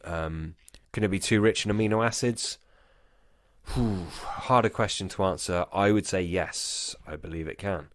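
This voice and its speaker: Drunk guy on a podcast mic, deep, swears a lot and wanders off topic, dry sound. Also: normal speed, no echo. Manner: rambling, sweary, goes off on tangents. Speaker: podcast co-host. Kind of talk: casual chat.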